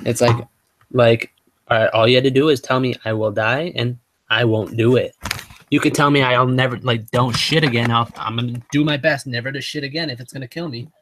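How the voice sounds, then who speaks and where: A man's voice: mid-range voice, steady tone, fairly quick, a bit bright, slight background noise. Man host, casual hangout talk: profane, rambling, trips over words now and then. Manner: profane, rambling, full of fillers; sometimes stumbles over words. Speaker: motovlog host.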